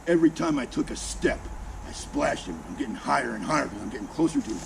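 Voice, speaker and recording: A man's voice: medium pitch, fast talker, vocal fry, noisy background. A man in his sixties telling a salty personal story in a casual, heavily profane way. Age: 60s. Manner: heavily profane, salty, animated with mimicked sounds.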